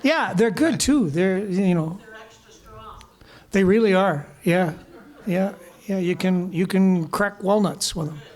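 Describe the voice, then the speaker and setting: A man's voice: high-pitched, slow pace, long pauses, darkish tone. An older man, a guest musician, chatting onstage at a live show in an easygoing way, chuckling and restarting his sentences. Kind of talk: casual onstage chat. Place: live music venue with audience.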